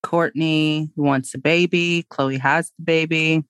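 A young woman chatting as a podcast guest, blunt and quick to laugh. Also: deep voice, steady tone, a bit bright, smooth, dry recording. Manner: blunt, laughing, emphatic agreement. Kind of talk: casual chat.

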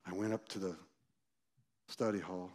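Man in his sixties preaching a story. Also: normal speed. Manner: animated, acts out quoted voices loudly, then drops low and quiet. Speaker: pastor. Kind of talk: storytelling sermon.

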